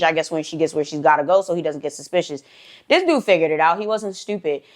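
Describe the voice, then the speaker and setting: A woman hosting a storytime channel, telling a story casually with lots of slang, "like" fillers and swearing. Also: medium pitch.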